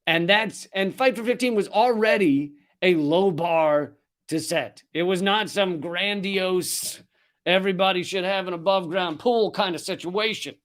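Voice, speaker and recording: A man's voice: high voice, unhurried, a bit bright. A man hosting comedic political commentary, sardonic and rambling with restarts. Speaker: comedian host.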